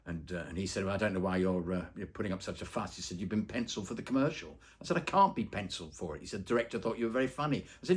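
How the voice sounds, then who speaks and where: Man, very low voice, casual interview, rambling anecdotes, plays out quoted voices. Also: animated, fast, hardly any pauses. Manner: rambling storyteller with many fillers, acts out quoted voices. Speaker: actor and voice-over artist interviewed.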